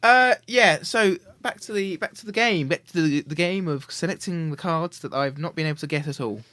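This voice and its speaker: A man's voice: fairly high pitch, normal speed, sharp tone, dry recording. A young man from the UK hosting a student radio show in casual studio chat, giggling and trying out silly impressions. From United Kingdom. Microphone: studio microphone.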